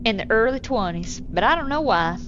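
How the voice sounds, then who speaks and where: A woman voicing a calm, plain-spoken male sheriff in a game. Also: a little high, brisk, muffled recording, noisy background, close to an everyday voice. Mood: steady.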